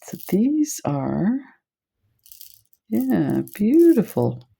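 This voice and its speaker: A woman's voice: mid-range voice, very animated, extremely slow, vocal fry, dark tone, slightly rough. A woman presenting beads on camera in a casual chat, telling stories and laughing often. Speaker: bead shop video presenter.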